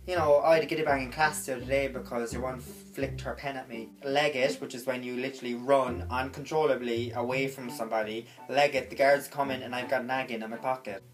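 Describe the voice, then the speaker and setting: A young woman with a Cork accent talks casually to camera, explaining slang. Her speech is chatty and loose, filled with "like", at an average pitch with faint music behind her. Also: steady tone, a little fast, hardly any pauses. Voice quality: chatty, filler-heavy with frequent "like". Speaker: vlogger. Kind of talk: casual slang lesson vlog.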